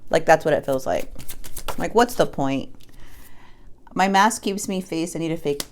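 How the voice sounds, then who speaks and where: A woman with a slightly low voice gives a casual tarot reading. She talks straight to the viewer and leans hard on her points in a blunt, emphatic way. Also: expressive, measured pace, slight background noise. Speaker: tarot card reader.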